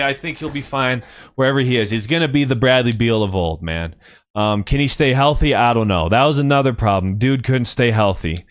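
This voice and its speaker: A man's voice: mid-range voice, a bit bright. Heated young man ranting about sports. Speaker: podcast host. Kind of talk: casual sports talk.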